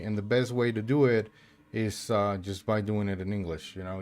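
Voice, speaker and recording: A man's voice: fairly low pitch, clear, resonant tone. A man from Mexico chatting casually while streaming a game, rambling with many fillers and restarts. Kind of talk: casual chat while gaming.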